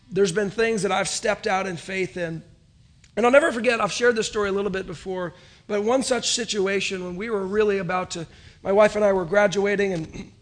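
A man's voice: high voice, a bit bright. A young adult man preaching an earnest sermon, with dynamic rising emphasis. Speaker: pastor.

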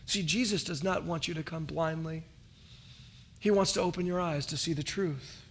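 A man's voice: a little high, moderate pace, husky. A young adult man preaching an earnest sermon, with dynamic rising emphasis. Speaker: pastor.

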